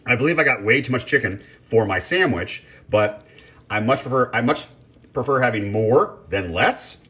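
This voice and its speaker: Chatting away as he cooks at home, a vlogger rambles, interrupts himself, and drops in frequent ums and uhs. His medium-pitched voice is animated with a sharp tone, and he talks at a normal speed.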